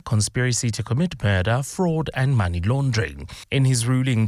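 A man anchoring a radio news bulletin, reading scripted copy in a measured, formal way. His voice sits at an ordinary middle pitch and is recorded close and dry in a studio. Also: dry recording. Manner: steady formal delivery.

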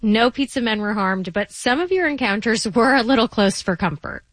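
A woman's voice: a little high, animated, moderate pace, no echo. A female radio host introducing listener stories in a friendly, scripted way.

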